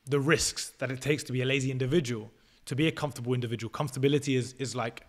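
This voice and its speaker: A man's voice: mid-range voice, fairly even intonation, very fast. A 22-year-old man, a podcast guest who lays out his views step by step in a casual, assertive way and swears freely.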